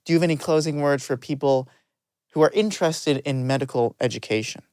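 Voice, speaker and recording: A man's voice: a little high, darkish tone, smooth, dry recording. A young man in his twenties, a medical student hosting a podcast, asking questions eagerly and with enthusiasm. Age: 20s. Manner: eager, enthusiastic, quick to laugh. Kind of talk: casual interview.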